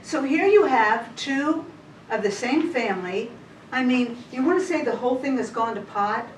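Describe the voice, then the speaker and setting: Female Bible teacher, casual storyteller, slightly high voice, picked up from a distance in an echoey church room. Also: animated, moderate pace. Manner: chatty, retells scripture in everyday words. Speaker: women's Bible study teacher. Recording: roomy hall, distant mic, faint hiss.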